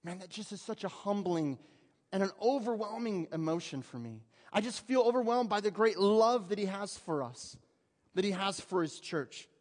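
Man, pastor, sermon, high voice, chatty rhetorical questions, church hall reverb. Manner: conversational preaching with rhetorical questions to the congregation. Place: church sanctuary.

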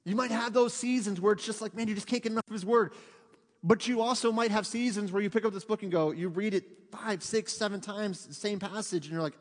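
A man preaching a sermon in a church, talking to the congregation in a lively, conversational way and acting out quotes. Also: sits high, a little fast, in a large hall. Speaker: pastor. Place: church sanctuary.

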